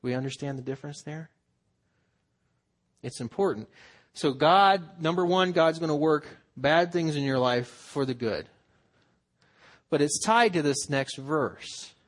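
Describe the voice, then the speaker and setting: Pastor, male, slightly high voice, earnest conversational sermon delivery. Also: unhurried, pauses often. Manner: earnest, conversational preaching with acted-out quotes.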